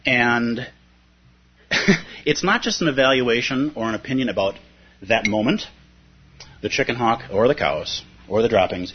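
Husky-voiced man giving a reflective talk. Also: lowish voice. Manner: reflective, conversational, frequent "right?". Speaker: dharma teacher. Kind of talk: dharma talk on a poem. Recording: muffled lo-fi talk recording.

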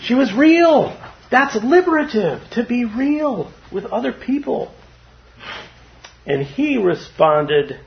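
A man giving a casual, informal dharma talk to a group, chatty and quick to laugh. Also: very high voice, big pitch swings, gravelly, slight background noise. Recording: dull lo-fi recording.

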